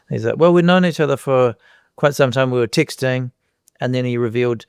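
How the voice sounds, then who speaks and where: Gravelly-voiced New Zealand man telling stories. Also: mid-range voice, brisk, no room sound, clean studio sound. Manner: relaxed anecdotes, acts out voices and hums lines. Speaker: guest musician and comedian. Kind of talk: casual podcast chat, storytelling.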